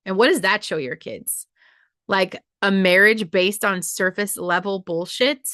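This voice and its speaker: A woman's voice: mid-range voice, measured pace, a bit bright, dry recording, studio quality. A woman hosting her own podcast, delivering a blunt, profane motivational monologue straight to her listeners. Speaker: podcast host.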